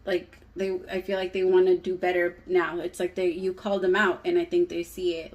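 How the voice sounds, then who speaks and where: A woman's voice: fairly low pitch, little pitch movement, fairly quick, few pauses, rough recording. Candid woman giving a casual tarot reading. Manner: candid, swears freely, talks straight to viewers. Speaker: tarot reader.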